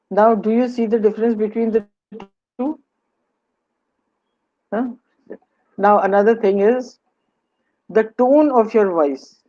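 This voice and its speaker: Speaking slowly with frequent pauses, a woman with an Indian English accent and a medium-pitched voice lectures on communication skills in a webinar, asking rhetorical questions and switching into Hindi at times. The recording's highs are cut off.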